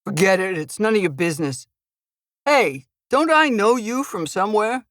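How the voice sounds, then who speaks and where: A woman voicing a huge, impatient male thug who barks his demands in a gravelly voice. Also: medium pitch, animated, normal speed, dry recording, studio quality, natural voice. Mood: suspicious. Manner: barking, demanding.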